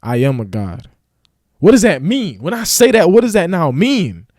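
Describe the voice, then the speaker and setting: A man's voice: high-pitched, sing-song, normal speed, a little mellow, no room sound, studio quality. A man giving a casual motivational rant to camera, slangy and preachy, now and then acting out mocking voices. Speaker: motivational vlogger.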